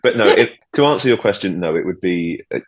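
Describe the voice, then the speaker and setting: Deep-voiced man, wry and self-deprecating. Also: expressive, fast talker. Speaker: podcast guest. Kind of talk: casual chat.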